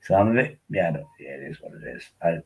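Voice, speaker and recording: Man, live stream host, tipsy, rambling, husky low voice. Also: animated, fast, rough recording. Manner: rambling, coaxing viewers to join. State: tipsy from drinking. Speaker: livestream host. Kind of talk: casual live stream chat.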